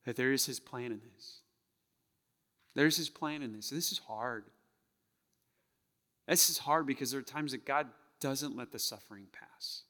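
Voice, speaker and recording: Pastor preaching in a reverberant hall. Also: male voice, medium pitch, fairly quick, bright, forceful tone. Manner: conversational, keeps asking the crowd "right?". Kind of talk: sermon. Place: church sanctuary.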